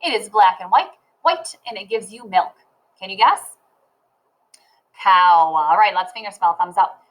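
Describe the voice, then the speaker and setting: A woman teaching a phonics lesson to children, sounding out letters and words slowly and clearly. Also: mid-range voice, lively intonation, rough recording.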